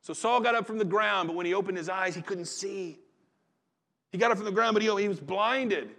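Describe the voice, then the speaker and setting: Male pastor, folksy conversational sermon, fairly high voice. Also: fairly quick, vocal fry, bright, forceful tone. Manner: folksy, conversational preaching with dramatized quotes.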